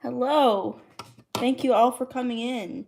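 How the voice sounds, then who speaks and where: A woman's voice: on the high side, a little slow, vocal fry, a little mellow, a little hiss or hum. A woman cooking on a livestream in her home kitchen, chatting casually as she greets viewers and reads the chat aloud. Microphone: streaming mic.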